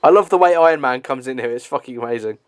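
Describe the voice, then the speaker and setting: A man's voice: medium pitch, fast talker, clear, resonant tone, no room sound, clean studio sound. A man giving casual movie commentary, laughing often and swearing freely. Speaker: film commentator.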